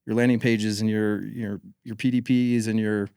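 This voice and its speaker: A man's voice: fairly low pitch, flat delivery, moderate pace, mellow, smooth, no echo, clean studio sound. A man from North Carolina, a podcast guest who talks about marketing in a thoughtful, opinionated way and says he mumbles. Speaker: guest, former marketing executive. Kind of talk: casual podcast conversation.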